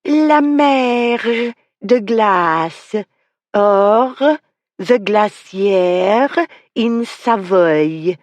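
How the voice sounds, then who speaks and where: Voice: mid-range voice, expressive, very slow, dry recording, pitched above the performer's own voice. A narrator voicing a playful young lady who fakes overdone Italian and French accents, drawing out each word. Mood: mock-grand.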